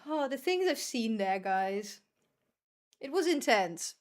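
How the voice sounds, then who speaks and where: Young woman, game streamer, casual rambling commentary, swears freely, slightly high voice. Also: very animated, takes it slowly. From Netherlands. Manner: chatty, swears freely, self-deprecating, rambles to viewers. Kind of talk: casual gameplay commentary to chat.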